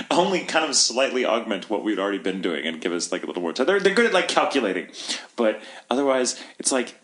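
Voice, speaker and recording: A man's voice: medium pitch, brisk. A man co-hosting a podcast, telling profane stories in casual banter. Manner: animated, profane storyteller. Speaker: podcast co-host. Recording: echoey room with faint hiss.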